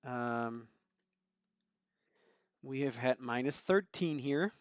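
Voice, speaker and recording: A man's voice: medium pitch, takes it slowly, clean tone, no echo, lo-fi sound. A man hosting a live stream, chatting casually and greeting viewers by name with frequent chuckles.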